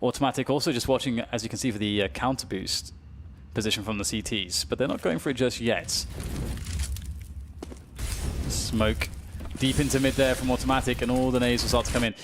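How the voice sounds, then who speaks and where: A British male esports caster delivers rapid play-by-play in a middle register. His voice climbs into excited shouting whenever the action peaks. Steady background noise sits under the mic. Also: medium pitch. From United Kingdom. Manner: fast, climbing to excited shouts on big plays. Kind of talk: play-by-play commentary.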